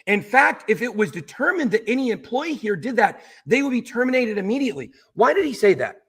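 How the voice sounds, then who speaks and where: A man's voice: very high-pitched, sing-song, fairly quick, a bit bright, slightly rough. A man on a livestream talking to his viewers, emotional and insistent, repeating his points again and again. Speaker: streamer.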